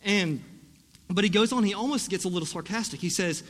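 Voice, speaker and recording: A young man preaching a sermon in a conversational, animated way, often restarting his sentences. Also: sits high, a little fast. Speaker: pastor. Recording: echoey hall.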